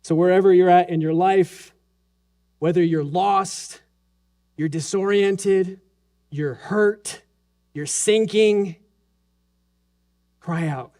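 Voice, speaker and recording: A male pastor in his thirties delivers a Sunday sermon in an unhurried, deliberate way. His voice sits high for a man, and he moves between soft, hushed passages and raised, urgent pleas. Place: church sanctuary during a Sunday service.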